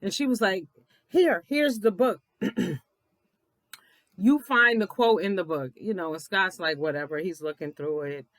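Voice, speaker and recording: A woman giving a blunt, profane, animated recap of a reality TV episode, laughing often as she talks. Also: on the low side, measured pace, dry recording. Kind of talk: casual episode recap commentary.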